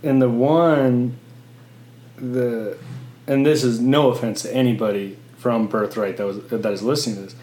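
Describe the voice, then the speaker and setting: A man in his late twenties co-hosts a casual podcast, cracking dry jokes and rambling through his points. His voice sits at an ordinary pitch for a man. The room is echoey. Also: steady tone, normal speed, mellow, slight background noise. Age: 20s. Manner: joking, rambling with restarts. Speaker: podcast co-host. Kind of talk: casual chat.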